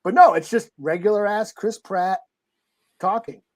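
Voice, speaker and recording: A man's voice: high voice, unhurried, a little mellow. A man co-hosting a comic book podcast, telling stories in a laid-back way and laughing often. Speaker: podcast co-host. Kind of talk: casual chat.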